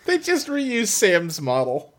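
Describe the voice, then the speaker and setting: A podcast co-host chatting casually, laughing and chiming in with quick agreement. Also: mid-range voice, wildly swooping pitch. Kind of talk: casual chat.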